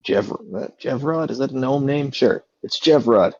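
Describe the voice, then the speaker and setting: A man's voice: mid-range voice, normal speed, highs cut off, voice pushed up, lightly acted. A man voicing a startled young female gnome barkeep who speaks hesitantly in a tabletop game. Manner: hesitant, unsure, trailing off.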